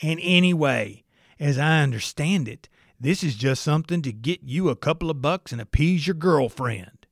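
A man's voice: fairly high pitch, expressive, normal speed, gravelly, no echo, clean studio sound. A man doing a growling, bullying rancher. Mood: gruff, bullying. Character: bullying, agitated male rancher.

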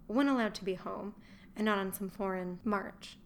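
A woman's voice: mid-range voice, moderate pace, slight background noise, natural voice. A woman reading the lines of a cheerful, wry Roman watch captain and fond father, as an audiobook character voice.

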